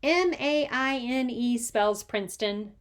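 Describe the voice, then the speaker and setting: A woman doing a mischievous little boy from a storybook, all high, wheedling sing-song. He coaxes, sulks and chants his words, far brighter and higher than the grown-ups around him. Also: very animated, unhurried. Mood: playful.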